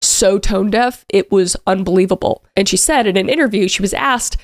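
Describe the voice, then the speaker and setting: A woman's voice: medium pitch, normal speed, no echo, clean studio sound. Frustrated woman doing true crime commentary. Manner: frustrated, emphatic, casual with fillers. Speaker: YouTube commentary host.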